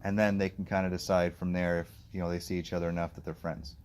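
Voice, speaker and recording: A man working as a dog trainer, coaching an owner outdoors in an animated, explanatory way. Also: deep voice, fast talker, slight background noise. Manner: explanatory, animated, acts out the dog's thoughts.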